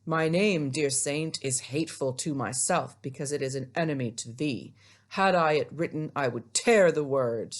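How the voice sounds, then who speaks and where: A woman's voice: low-pitched, normal speed, natural voice. A woman reading as dreamy young Romeo. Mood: dramatic.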